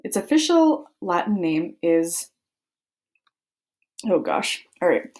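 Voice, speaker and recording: A woman's voice: lowish voice, very animated, slow, a little mellow. A woman reading a children's book aloud, playfully acting out the sound words. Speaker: book reader.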